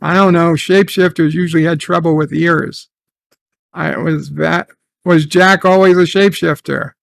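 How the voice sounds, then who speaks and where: A man's voice: on the high side, fairly even intonation, normal speed, gravelly, no echo. A man recapping and reviewing a TV episode in casual, sarcastic commentary, swearing and trailing off into restarts.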